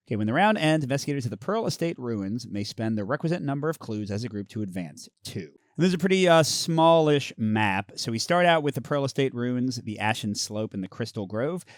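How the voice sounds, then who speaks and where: A man's voice: mid-range voice, big pitch swings, brisk, few pauses, dry recording, studio quality. A man hosting a tabletop card game playthrough, chatting casually as he explains the rules and reads the story text aloud. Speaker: host of a board game channel.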